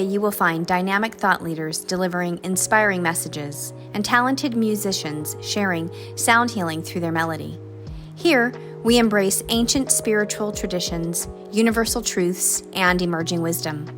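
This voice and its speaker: Woman host, scripted upbeat welcome read, lower pitch, light music behind. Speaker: show host introducing the message.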